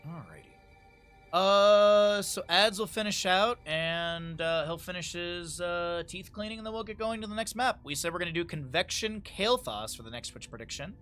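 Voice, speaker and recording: A man's voice: high-pitched, moderate pace, a bit bright, soft background music. A man casting a game live on stream, casual, upbeat and jokey as he chats with his viewers. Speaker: esports caster and streamer.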